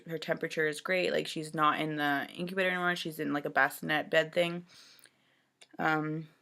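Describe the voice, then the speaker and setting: Creaky-voiced woman venting a story. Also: deep voice, a bit bright. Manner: rambling, full of "like" and "you know"; upset and exasperated retelling. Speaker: new mother telling her story. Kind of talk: casual personal storytelling.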